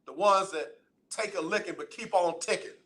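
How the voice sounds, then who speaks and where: A man running a sports talk radio show in a high, bright voice. He teases the fans and preaches at them in loud, playful banter. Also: moderate pace. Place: radio studio.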